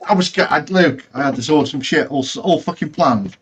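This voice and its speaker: Sweary, excitable guy. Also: a little high, fairly quick, a little hiss or hum. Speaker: guest. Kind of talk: casual live-stream chat.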